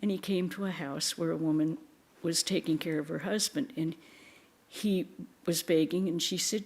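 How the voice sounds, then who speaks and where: A woman giving a spiritual talk in a temple, telling stories gently, with soft laughs and quiet asides. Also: sits low, fairly even intonation, normal speed, breathy edge. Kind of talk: sermon.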